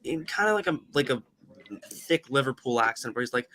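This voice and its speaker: A man's voice: mid-range voice, animated, a little fast, a bit bright, rough recording. A young man chatting casually on a game stream, rambling jokily about voice ideas. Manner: rambling, jokey, describing voice ideas.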